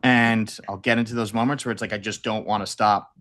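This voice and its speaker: A man's voice: fairly low pitch, steady tone, brisk, fairly bright tone. A young adult man co-hosting a podcast, chatting casually and acting out his own quotes as he tells a story. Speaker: podcast co-host. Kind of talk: casual chat.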